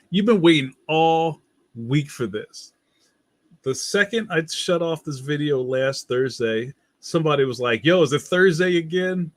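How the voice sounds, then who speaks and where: Male host, relaxed livestream chatter, slangy and jokey, dry sound. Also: fairly high pitch, no echo. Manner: playful, slangy, laughs often. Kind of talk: casual chat reading viewer comments.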